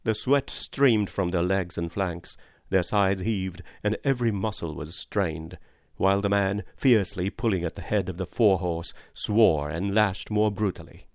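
A man narrating an audiobook in a steady, measured storytelling manner. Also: sits low, no echo, clean studio sound. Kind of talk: scripted narration.

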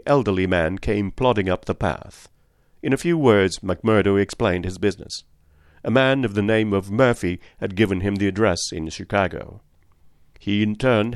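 A low-pitched man narrates a classic novel at a measured storytelling pace. The recording is close and very dry, with no room reverb. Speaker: audiobook narrator. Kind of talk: scripted narration.

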